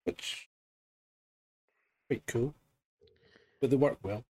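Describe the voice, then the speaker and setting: A man's voice: mid-range voice, very slow, darkish tone, no room sound. A man co-hosting a casual live stream chat, joking in an offhand way. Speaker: co-host.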